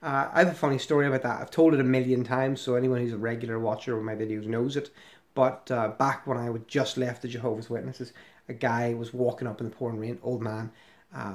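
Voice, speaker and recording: Man, middle-aged, mid-pitched voice, sarcastic, rambling commentary. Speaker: ex-member commentator. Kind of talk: casual commentary on a website.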